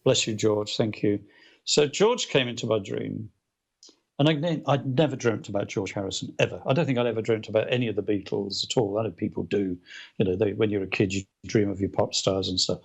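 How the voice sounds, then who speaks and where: A male author as a guest, telling anecdotes in a casual interview, animated, with many restarts and fillers. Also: lowish voice, a little fast, creaky, husky.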